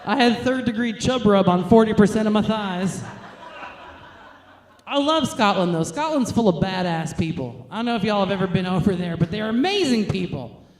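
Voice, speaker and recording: A woman's voice: mid-range voice, expressive, normal speed, darkish tone, reverberant. A young woman from New York, a stand-up comedian, telling crude, self-mocking jokes.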